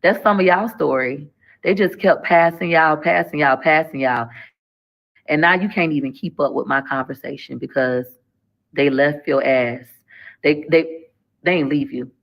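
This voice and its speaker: Preachy woman with a gravelly edge. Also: low voice, moderate pace. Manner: preachy, emphatic, repeats phrases. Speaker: livestreamer. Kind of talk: casual live-stream monologue.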